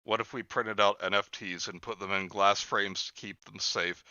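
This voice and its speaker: Man with a bright, dull lo-fi mic. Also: on the low side, fairly even intonation, normal speed, clear, resonant tone, no room sound. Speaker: podcast co-host. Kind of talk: casual comedic chat.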